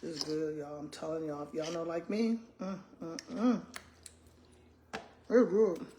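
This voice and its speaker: A woman's voice: sits low, fairly even intonation, unhurried, dark tone, a little hiss or hum. A woman, a retired school principal chatting casually to viewers while eating, often humming and murmuring between bites. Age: 60s. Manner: chatty, addresses viewers as y'all, hums and murmurs while chewing.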